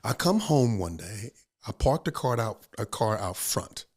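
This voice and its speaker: Husky older pastor spinning a lively story. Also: male voice, on the low side, unhurried. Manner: acts out quoted voices, laughs often. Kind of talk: animated storytelling in an interview.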